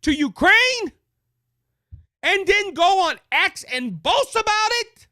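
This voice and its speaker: Fiery high-pitched Cajun man ranting. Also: big pitch swings, slow pace, pushed and bright, dry recording, studio quality. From Louisiana. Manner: impassioned, raises voice, repeats words as he restarts. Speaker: political show host. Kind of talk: political commentary rant. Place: studio with a monitor.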